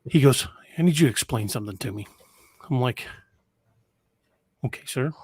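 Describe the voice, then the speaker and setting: A man's voice: mid-range voice, moderate pace, darkish tone, husky, no echo, studio quality. A man co-hosting a podcast, telling a long anecdote in a casual, rambling way with some swearing. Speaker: podcast co-host. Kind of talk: casual storytelling chat. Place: studio.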